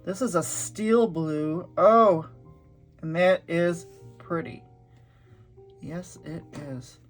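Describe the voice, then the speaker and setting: A woman's voice: fairly low pitch, takes it slowly, a little mellow, faint music behind. A middle-aged woman chatting casually as she paints swatches, gushing and thinking aloud. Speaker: art vlogger.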